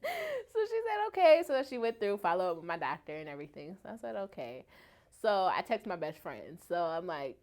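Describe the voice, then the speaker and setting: Woman guest on an interview, mid-pitch voice, chatty storytelling, goes way up when she quotes people. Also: fairly quick. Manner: animated, acts out quoted voices much higher.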